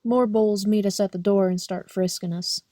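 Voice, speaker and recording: A young woman reading a novel aloud as an audiobook in a steady, plain first-person narration. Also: mid-range voice, moderate pace, dry recording, studio quality. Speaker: audiobook reader.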